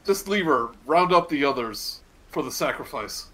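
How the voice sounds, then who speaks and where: A man's voice: fairly high pitch, moderate pace, pitched above the performer's own voice, close to an everyday voice, low-quality recording. A man doing a frantic masked cultist. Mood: commanding. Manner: frantic, shouting orders. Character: panicky masked male cultist.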